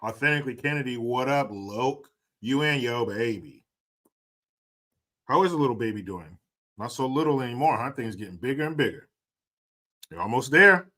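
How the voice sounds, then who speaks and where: Crude joking livestream host, lively voice. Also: male voice, mid-range voice, normal speed. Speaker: livestream host reading chat. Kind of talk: casual livestream chat. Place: indoors, cold room.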